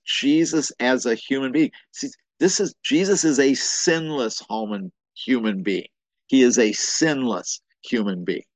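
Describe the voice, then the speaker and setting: A man's voice: mid-range voice, dry recording. A man preaching a sermon as pastor, impassioned, often repeating words as he builds to a point.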